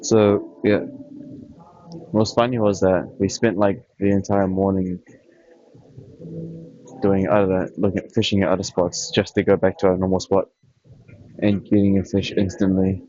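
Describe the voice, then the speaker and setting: A young man with a deep, mellow voice, rambling casually about his plans for the day. The recording is dry and a bit dull and lo-fi. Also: a little slow, long pauses, no echo. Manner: rambling, relaxed, self-correcting. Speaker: vlogger. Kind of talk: casual chat.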